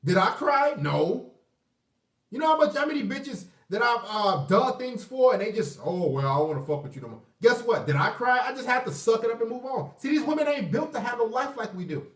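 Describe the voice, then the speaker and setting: A man's voice: extremely high pitch, sing-song, normal speed, a bit bright. A man ranting in a profane, emphatic, combative livestream monologue. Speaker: vlogger. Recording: echoey room, far from mic.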